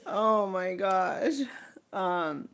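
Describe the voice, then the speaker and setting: A woman's voice: mid-range voice, drawn-out words, fairly bright tone, clear, resonant tone. A middle-aged woman chatting casually on her livestream, rambling and out of breath, thanking viewers by name. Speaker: livestream host.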